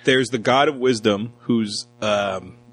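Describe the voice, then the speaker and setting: A man's voice: fairly low pitch, slow, fairly bright tone, faint music behind, low-quality recording. A man co-hosting a casual film review chat, joking and sarcastic, acting out lines from the movie. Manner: joking, sarcastic, acts out quotes with a voice. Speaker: podcast co-host reviewing a film.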